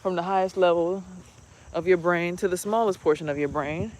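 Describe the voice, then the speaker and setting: A woman's voice: fairly low pitch, brisk, darkish tone, a little hiss or hum. A woman vlogging as a spiritual healer, talking casually and rambling bluntly through her stories, with some swearing. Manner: blunt, profane, rambling storytelling.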